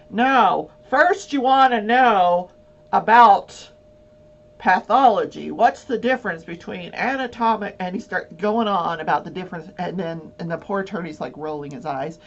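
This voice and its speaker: Chatty giggling woman host. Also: medium pitch. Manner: rambling storyteller who laughs often, many fillers. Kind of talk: casual chat. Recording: dull lo-fi with faint hum.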